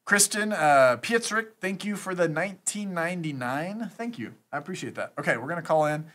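A man's voice: a little high, expressive, a little fast, fairly bright tone. A man hosting a live stream, chatting casually and reading out thanks to supporters. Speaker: streamer scambaiting host.

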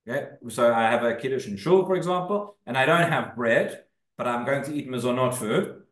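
A man's voice: mid-range voice, expressive, a little fast, a bit bright. A man, a rabbi, giving a conversational class in a synagogue and reading sources aloud, with frequent fillers and restarts. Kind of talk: casual spoken Torah class. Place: synagogue room. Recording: echoey room.

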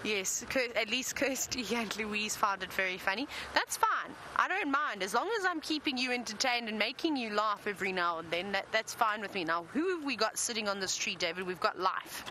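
A woman's voice: mid-range voice, lively intonation, brisk, few pauses, pushed and bright, low-quality recording. A woman presenting a live safari drive, chatty and enthusiastic, talking from an open vehicle in the wind. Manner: chatty, enthusiastic, self-deprecating.

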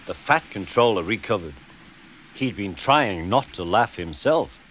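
A man's voice: on the low side, a little hiss or hum. A man narrating a children's railway story, voicing every character himself. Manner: unhurried, expressive, voices every character. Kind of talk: storybook narration, remake of a famous reading.

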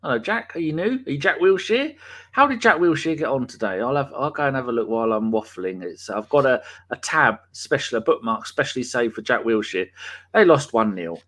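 A man's voice: medium pitch, expressive, normal speed, a bit bright. A man, hosting a live podcast and chatting casually, reading out viewers' names with banter and the odd swear. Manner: banter, reads chat names aloud, swears. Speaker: podcast host. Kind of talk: casual live-stream chat.

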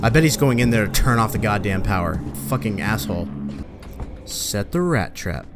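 A man playing a horror game and commenting as he goes. He swears at the characters and talks back at the game, then breaks into loud, panicked yelps. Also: fairly low pitch, expressive, moderate pace, loud music behind the voice. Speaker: let's play gamer.

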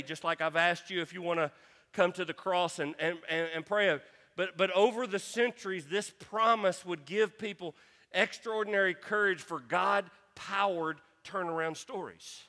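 Impassioned high-voiced pastor preaching. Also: male voice, steady tone, moderate pace, sharp tone, big-room sound. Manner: impassioned, repeats words, quotes scripture. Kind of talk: sermon. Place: church sanctuary.

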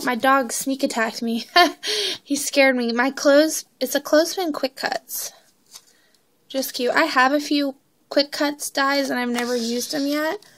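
A woman chatting excitedly as she unboxes crafting mail, filming on her phone at home, gushing over each item. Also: high-pitched, background noise. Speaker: crafting vlogger. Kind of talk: casual unboxing chat.

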